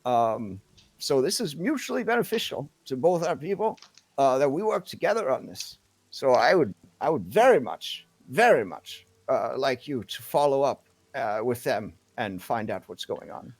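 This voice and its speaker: Brief: earnest woman official, as a man puts her on, a bit higher than his own voice, dry sound, tabletop game. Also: sing-song, normal speed, breathy edge, dry recording. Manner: earnest, repetitive, persuasive.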